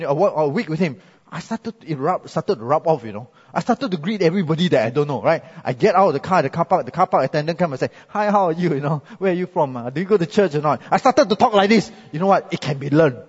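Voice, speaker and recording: A man from Singapore with a Singaporean English accent, preaching a sermon in a chatty, animated storytelling manner and often asking "right?" after his points. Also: a little high, husky, long reverb tail, highs cut off. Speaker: pastor. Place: church hall.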